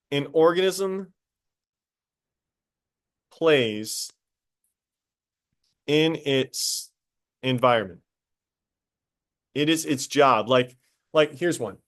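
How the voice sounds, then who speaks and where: A man teaching a high school biology class, casual and talkative, stopping to quiz students directly. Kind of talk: classroom lecture.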